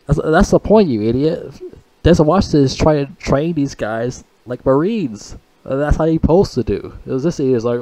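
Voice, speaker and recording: A man's voice: on the high side, lively intonation, moderate pace, mellow, no echo. A man giving a casual, rambling movie review, swearing often, mocking people and stumbling over his words. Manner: profane, rambling, mocking, frequent restarts.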